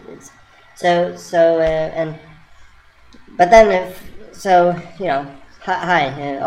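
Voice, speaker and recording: A woman telling a surreal, playful story in a halting, rambling way with many restarts. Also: low voice, darkish tone, rough recording. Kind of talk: rambling spoken monologue.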